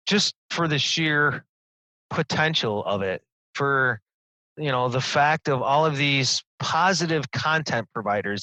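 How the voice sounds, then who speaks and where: A man's voice: mid-range voice, pushed and bright, no echo, rough recording. A middle-aged man co-hosting a casual podcast, enthusiastic, laughing often and repeating words as he talks. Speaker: podcast co-host.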